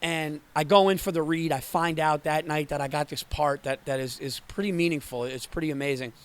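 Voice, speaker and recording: A man telling a comic story as a podcast guest, excitable and acting out both sides of a conversation. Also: fairly high pitch, brisk, clear, resonant tone. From Greek and Sicilian heritage. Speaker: comedian guest. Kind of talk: animated storytelling.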